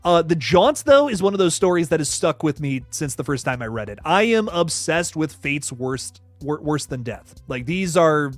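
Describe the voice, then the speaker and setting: A man hosting a casual horror news chat, answering viewer comments in an animated, rambling way with frequent restarts. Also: fairly high pitch, moderate pace, hardly any pauses, no echo, faint music behind.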